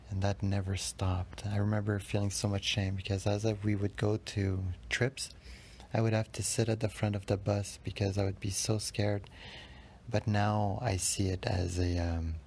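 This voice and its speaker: A man hosting a podcast, telling his personal story in an emotional, halting way, sometimes dropping into a whisper. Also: on the low side, creaky, a little hiss or hum. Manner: emotional, halting, with restarts and soft whispered moments. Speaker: podcast host.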